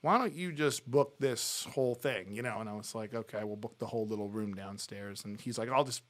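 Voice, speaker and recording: A man's voice: on the low side, fairly quick. A middle-aged man, a guest on an interview podcast, telling long anecdotes in a casual way with many restarts and the odd laugh. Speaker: podcast guest, music talent buyer.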